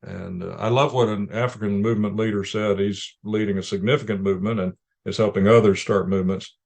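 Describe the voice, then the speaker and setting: A man with a fairly low voice tells stories in an interview. He speaks calmly and in measured anecdotes, often restarting his sentences as he goes. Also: vocal fry. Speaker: ministry leader guest. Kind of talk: interview storytelling.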